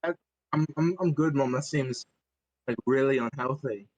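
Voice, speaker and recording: A man's voice: medium pitch, moderate pace, darkish tone, dry recording, rough recording. A man speaking casually and a little hesitantly as a player in a tabletop game. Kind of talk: in-character tabletop play.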